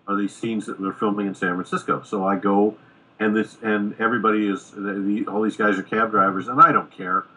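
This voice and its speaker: A middle-aged American screenwriter telling a lively anecdote in a podcast interview, acting out the quoted dialogue. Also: male voice, on the low side, fairly quick, slightly rough, low-quality recording. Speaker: screenwriter guest. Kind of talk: casual storytelling in a podcast interview.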